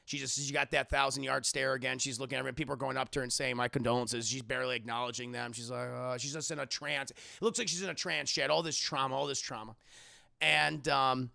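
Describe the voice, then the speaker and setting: Gravelly man rambling through a plot recap. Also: mid-range voice, steady tone, fast, pushed and bright, no echo, studio quality. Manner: rambling, crude, laughs a lot, acts out lines. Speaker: movie reviewer.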